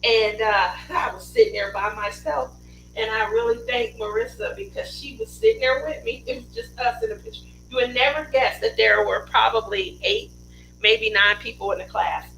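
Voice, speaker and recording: A woman's voice: a little high, moderate pace, vocal fry, a bit bright, slight background noise, poor audio. A woman hosting a casual craft livestream from her home studio, chatty and rambling, laughing often.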